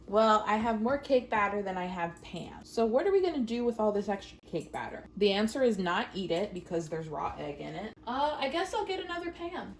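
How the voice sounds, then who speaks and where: Woman, casual baking vlog, giggly, punny, animated voice, phone recording in a noisy kitchen. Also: on the high side. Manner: giggly, self-mocking, chatty, makes puns. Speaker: baking vlogger. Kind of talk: casual chat while baking. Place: home kitchen.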